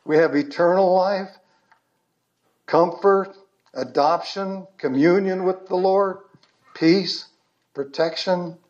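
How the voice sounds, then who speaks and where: Guy preaching a sermon real slow and earnest, kinda high voice, muffled lo-fi sound. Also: a little mellow. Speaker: pastor.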